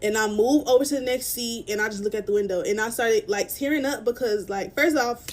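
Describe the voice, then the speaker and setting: Young woman from dallas, shaky and teary, kinda high voice, talking to her phone. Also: fairly quick. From Dallas, Texas. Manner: upset, near tears, irritated. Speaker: vlogger telling a story. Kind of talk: casual storytime on camera.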